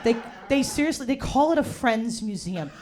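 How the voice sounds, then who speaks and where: Loud foul-mouthed lady comic, high-pitched, bar crowd cracking up behind her. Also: lively intonation, moderate pace. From New Jersey. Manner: brash, profane, loud ranting delivery with slangy fillers. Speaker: stand-up comedian. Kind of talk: stand-up comedy set. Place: bar in front of a live audience. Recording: live crowd laughing in a bar. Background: audience laughter.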